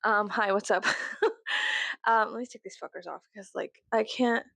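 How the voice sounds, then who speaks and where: A young woman with a Southern US accent, chatting casually to camera in her bedroom, rambling and profane, with sudden loud high outbursts. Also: steady tone, moderate pace, vocal fry, no room sound. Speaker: vlogger.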